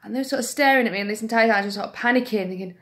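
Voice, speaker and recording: A woman's voice: fairly high pitch, racing, fairly bright tone. A young woman vlogging, telling an anecdote in a chatty, self-deprecating way. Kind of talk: casual storytelling to camera.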